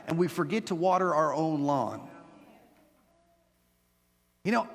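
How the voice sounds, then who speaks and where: A middle-aged man preaching a sermon as pastor, animated and joking with playful asides to his congregation. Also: high-pitched, creaky, big-room sound. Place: church sanctuary.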